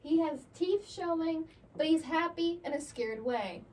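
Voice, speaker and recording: Reading from an article and bantering casually, this young female podcast co-host sounds playful and giggly. Her very high-pitched voice is a little slow and a little mellow, and the recording has a slightly distant mic with faint background noise.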